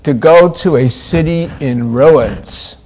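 Slow, emphatic male preacher. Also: breathy edge. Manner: emphatic, repeats key phrases, swings from loud highs to quiet lows. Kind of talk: sermon.

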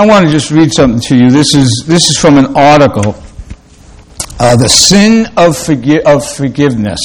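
A man preaching a sermon in a halting way, with many fillers and restarts, slowing down to read scripture aloud. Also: fairly high pitch, poor audio.

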